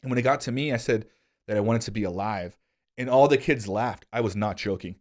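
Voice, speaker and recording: Animated man telling stories with a low voice. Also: fairly quick. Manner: animated storyteller, jumps to high excited pitch when quoting himself; self-deprecating humor, frequent fillers like "like". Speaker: podcast host. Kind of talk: casual conversational storytelling.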